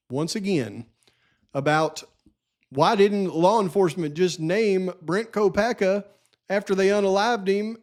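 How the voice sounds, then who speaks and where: A man with a fairly high voice speaks alone as a channel host. He talks in an insistent, lecturing way and hammers home each point. An edge of frustration runs under his commentary. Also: darkish tone. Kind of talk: solo true-crime commentary.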